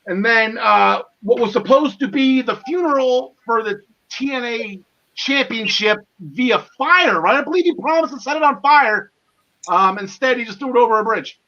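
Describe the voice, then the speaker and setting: Speaking at a normal speed, a half-Irish man chats about wrestling on his casual podcast, his very high voice sounding bright and forward. Eager and talkative, he trips over his words, laughs often between ideas, and keeps restarting with plenty of fillers. The audio comes across somewhat dull and lo-fi.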